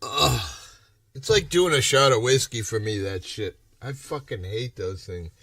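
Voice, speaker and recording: A man's voice: mid-range voice, expressive, a little slow, vocal fry, fairly bright tone, dry recording, studio quality, distant mic. A man from Massachusetts chatting on a casual livestream, rambling and ranting with a lot of swearing. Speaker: livestream host.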